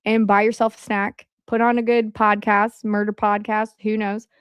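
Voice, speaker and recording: Rambling woman livestream host, clear voice. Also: medium pitch, flat delivery, normal speed, no echo, dull audio. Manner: rambling, with frequent "um" fillers. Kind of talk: casual rambling livestream chat. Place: at home.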